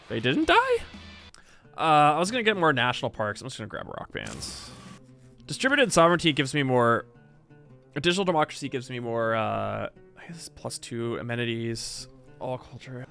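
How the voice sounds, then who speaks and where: A man streams a strategy game and comments as he plays, wry and talkative, chatting to himself and to the game's leaders. His pitch swings a lot from line to line. Soft music plays quietly behind him. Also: creaky. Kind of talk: live gameplay commentary.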